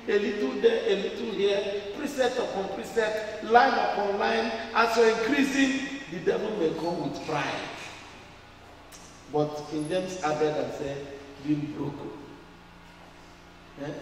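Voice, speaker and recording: A man with a Nigerian accent preaching a sermon in call-and-response style, rising to shouts. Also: high-pitched, a little slow, slight background noise. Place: church. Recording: echoey church hall, mic far off.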